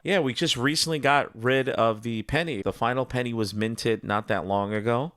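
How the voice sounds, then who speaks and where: A man's voice: lowish voice, a bit bright, no echo, clean studio sound. A man hosting a casual cartoon commentary. He talks in a chatty, digressive way. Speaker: host.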